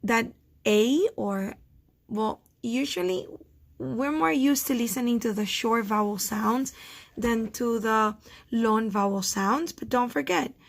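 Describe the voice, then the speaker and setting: A woman's voice: on the high side, creaky. A woman teaching first graders phonics in a recorded lesson, patiently repeating each word so children can count its syllables. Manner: slow, patient, repeats words to sound out syllables.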